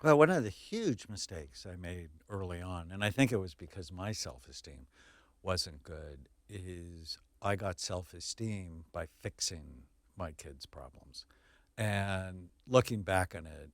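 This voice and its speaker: Man, child psychiatrist guest on a podcast; low, dry voice; earnest, emphatic explainer. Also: lively intonation, measured pace, dry recording. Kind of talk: podcast interview.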